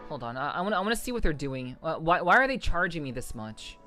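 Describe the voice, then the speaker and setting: A woman's voice: deep voice, sing-song, quick pace, fairly bright tone, faint music behind. Stammering, swearing young woman streamer. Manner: swears a lot, stammering restarts. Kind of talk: casual live-stream chat.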